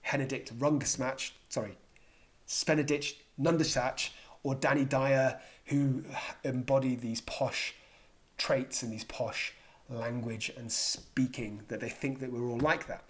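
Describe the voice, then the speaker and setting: An English man hosting a jokey explainer vlog as a psychiatrist. He is playful and self-mocking and slips in dad jokes. His pitch sits in the middle range for a man. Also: steady tone, measured pace. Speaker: psychiatrist and video host.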